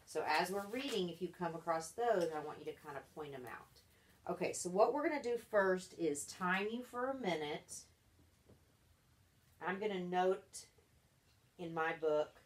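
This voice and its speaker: A woman's voice: fairly low pitch, lively intonation, measured pace. Patient woman tutoring a young reader. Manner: encouraging, patient, explains step by step. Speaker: reading tutor. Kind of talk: one-on-one reading lesson.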